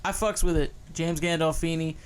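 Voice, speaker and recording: A young man co-hosting a casual podcast, his voice smooth, clear and slightly high. He rambles loosely, swears freely and restarts his sentences often. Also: steady tone, moderate pace. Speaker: podcast co-host. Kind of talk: casual chat.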